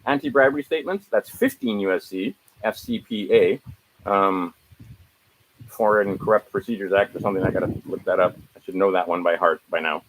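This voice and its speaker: A man's voice: low voice, a little fast, a little hiss or hum, low-quality recording. A man walking viewers through his documents in a casual screen-share, rambling and correcting himself as he rattles off legal citations. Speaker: video host.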